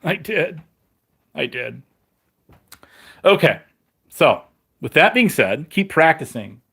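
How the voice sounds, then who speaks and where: A man chatting with viewers on a live stream, rambling and self-mocking with halting restarts and frequent laughs, his mouth dry and his voice turning crackly. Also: fairly high pitch, big pitch swings, creaky, sharp tone, husky.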